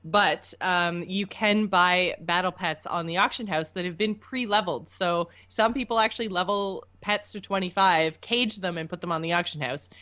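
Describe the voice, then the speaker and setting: Woman co-host, low voice, giggly and detailed, muffled recording. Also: pushed and bright. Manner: giggly, explains in detail, quick asides. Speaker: podcast co-host. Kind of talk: casual gaming podcast chat.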